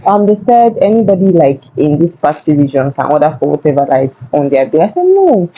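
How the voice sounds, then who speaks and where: A young woman with a Nigerian accent telling a casual storytime to camera, chatty and animated. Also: sits low, a little fast, narrow, tinny audio. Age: young adult. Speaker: vlogger. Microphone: phone.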